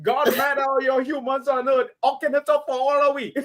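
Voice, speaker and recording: Man doing an exaggerated sing-song accent, high-pitched, comic read-aloud, playful. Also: level tone, a little fast, a bit bright. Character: man reading a post in a thick put-on accent.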